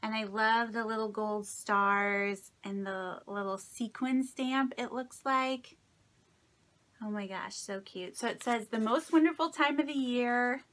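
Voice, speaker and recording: A woman's voice: fairly high pitch, unhurried, fairly bright tone. A woman from Indiana, a craft vlogger, gushing sentimentally through an unboxing, a little unwell and shaky. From Indiana, United States. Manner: gushing, sentimental, many delighted exclamations. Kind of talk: casual unboxing vlog.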